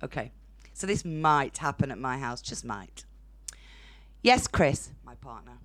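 A woman's voice: very deep voice, normal speed, a bit bright, no room sound. A young woman with a Northern English accent doing a blunt, chatty stand-up set on a comedy club stage, laughing at her own jokes. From Northern England.

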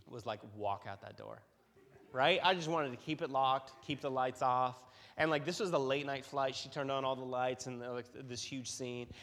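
A man's voice: mid-range voice, big-room sound. A man preaching to a youth group, telling a long personal story full of fillers and restarts. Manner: animated storytelling, many fillers and repeated starts. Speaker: youth pastor.

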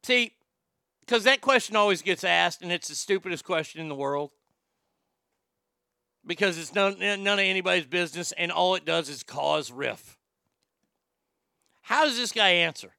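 Man, comedy podcast host, rambling, stammering repeats, high voice, bright tone. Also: lively intonation, normal speed, vocal fry, pauses often, clear, resonant tone, dry recording, clean studio sound.

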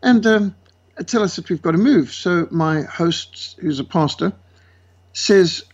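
A man from South Africa with a South African accent, a guest speaker telling lively stories and acting out the voices of the people in them. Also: high voice, takes it slowly, slightly rough. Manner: lively, acts out quoted voices. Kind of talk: animated storytelling. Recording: dull lo-fi sound.

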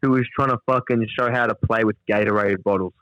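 Laid-back Australian podcast co-host. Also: male voice, fairly low pitch, fairly even intonation, fast, fairly bright tone, no room sound, dull audio. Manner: laid-back, swearing, lots of fillers. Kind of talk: casual chat, retelling a transcript.

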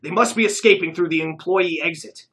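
Narrator doing a smug, brisk amateur sleuth man. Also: medium pitch, a bit bright, breathy edge, pitched above the performer's own voice.

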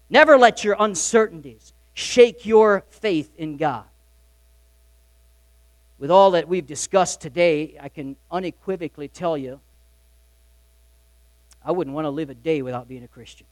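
A man preaching a sermon as pastor, emphatic, swinging between loud urgent lines and quiet confiding ones. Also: a little high, expressive, unhurried, long pauses, no echo.

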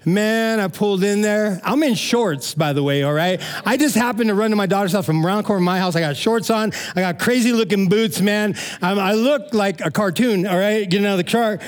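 A middle-aged man preaching a sermon as pastor, telling stories in a lively, conversational way and checking in with the congregation. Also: high-pitched, a little fast, few pauses. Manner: animated storytelling, frequent "man" and "amen?" asides.

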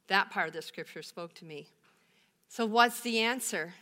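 A woman's voice: mid-range voice, normal speed, bright, forceful tone. A woman pastor giving a sermon, telling a Bible story with rhetorical questions and emphatic repetition.

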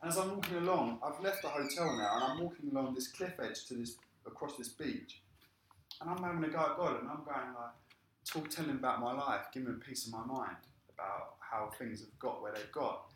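A man preaches, weaving a personal testimony into his sermon. He tells his story in a lively way and acts out the voices of the people in it. His voice is bright, and it rings through a roomy church hall with a faint hiss behind it. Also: mid-range voice, brisk. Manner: lively storytelling, acting out quoted speech. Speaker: pastor.

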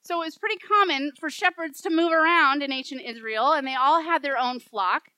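Bright high-voiced woman preaching. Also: fairly quick, no room sound, rough recording. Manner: animated storytelling, acting out quoted voices. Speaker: pastor. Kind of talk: sermon.

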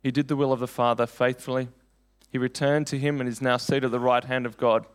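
A man's voice: medium pitch, level tone, fairly quick, clean tone, soft background music. A young man preaching a sermon, telling personal stories in an earnest, conversational way.

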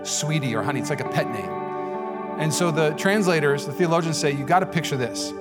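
A man's voice: a little high, fairly quick, over loud music. A man preaching a sermon as pastor in a church, talking conversationally with frequent "okay?" asides. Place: church sanctuary.

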